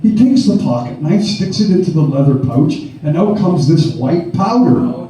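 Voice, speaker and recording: A man from Canada works the crowd from a club stage, swearing freely and laughing through a wild road story. His voice is a little high and mellow in tone. It comes through a live PA, booming and echoey from far off. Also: expressive, moderate pace. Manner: rowdy, profane and chuckling. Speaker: band frontman. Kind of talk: onstage storytelling between songs. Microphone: stage vocal mic through the PA.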